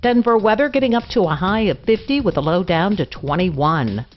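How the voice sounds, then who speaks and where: A woman giving a brisk, informational radio traffic and weather report. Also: on the low side, expressive, dull audio, soft background music.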